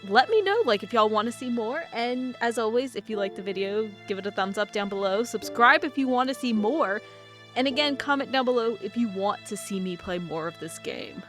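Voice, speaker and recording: A woman's voice: fairly high pitch, lively intonation, fairly quick, a bit bright. Chatty, self-mocking woman gaming. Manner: chatty, giggly, self-deprecating. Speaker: gamer playing on video. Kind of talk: casual let's-play commentary. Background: game music.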